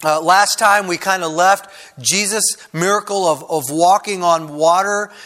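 A male pastor preaching a sermon in a relaxed, conversational way, often saying "kind of" and "uh". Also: high voice, unhurried. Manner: conversational, frequent "kind of" and "uh" fillers.

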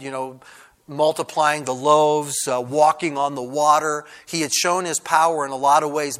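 Bright-voiced preaching man. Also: medium pitch. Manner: preaching with many restarts, rising to loud fervor. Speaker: pastor. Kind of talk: sermon.

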